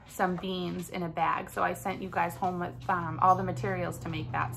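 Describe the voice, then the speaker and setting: A woman preschool teacher leading a recorded circle time for small children at home, drawing out sounds in a slow, exaggerated sing-song way. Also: fairly low pitch, vocal fry, sharp tone, a little hiss or hum.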